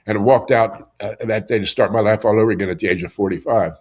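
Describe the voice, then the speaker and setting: Fast-talking middle-aged man recounting his story. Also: lowish voice, steady tone. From Pennsylvania. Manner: earnest, repeats words when starting sentences. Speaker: interview guest. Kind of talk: conversational storytelling.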